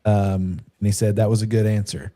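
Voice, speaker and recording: A man hosting a casual podcast, asking questions in a relaxed, hesitant way with many fillers. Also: on the low side, a little fast. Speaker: podcast host.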